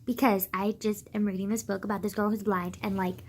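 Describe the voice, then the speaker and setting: A woman's voice: mid-range voice, little pitch movement, fairly quick, darkish tone, a little hiss or hum, rough recording. A young woman ranting casually to camera, heated and sarcastic, swearing often and filling her talk with "like". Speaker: vlogger.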